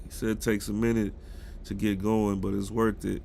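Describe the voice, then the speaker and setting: A man's voice: on the low side, level tone, normal speed, creaky, a little mellow, a little hiss or hum. A man with a cold and a stuffy nose, chatting casually with his live-stream viewers about football news. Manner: chatty, greets chat viewers directly.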